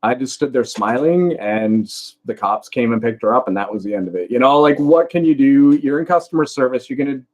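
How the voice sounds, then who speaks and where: A man's voice: medium pitch, expressive, fairly quick, few pauses, a little mellow, highs cut off. A Canadian man chatting casually on a live stream, telling rambling stories with lots of fillers. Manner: rambling anecdotes with many fillers. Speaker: reseller vlogger answering live chat.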